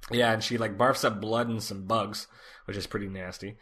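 A man co-hosting a casual podcast, recapping a TV episode in a relaxed way, with lots of fillers. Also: fairly low pitch, normal speed. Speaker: podcast co-host.

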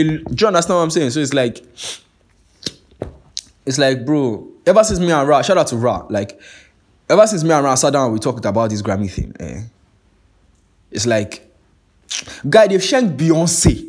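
A young Nigerian-accented man, talking loose and animated on his own podcast. He swears freely and keeps checking that the listener follows him. His voice sits at an ordinary male pitch. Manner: animated and profane, keeps asking "you get what I'm saying". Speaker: podcast host. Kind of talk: casual monologue.

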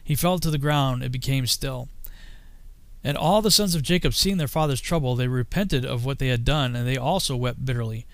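A man reading an old scripture text aloud in a solemn, measured way, sometimes slipping and correcting himself. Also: medium pitch, no room sound. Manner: solemn, archaic phrasing with occasional slips and self-corrections. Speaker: reader.

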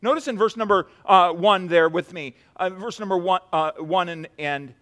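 A man preaching a sermon as pastor, swinging between hushed and loud emphatic delivery, with frequent restarts. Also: sits high, normal speed. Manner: repeats words, many restarts.

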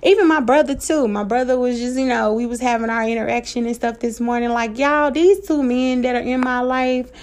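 A woman's voice: on the high side, steady tone, fairly quick, few pauses, darkish tone. Candid woman with a Black American vernacular accent. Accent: African American Vernacular English. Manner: candid, emotional, swears freely, laughs often. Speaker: podcast host. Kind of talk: casual personal podcast monologue.

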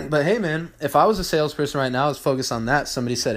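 Man, podcast host, solo monologue, blunt, profane, clears throat often, repeats himself. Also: on the high side, quick pace.

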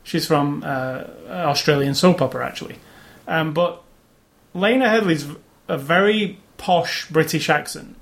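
A man's voice: on the high side, unhurried, gravelly, fairly bright tone. An opinionated man co-hosts a casual movie review chat. He talks through the cast one by one and sticks to his views.

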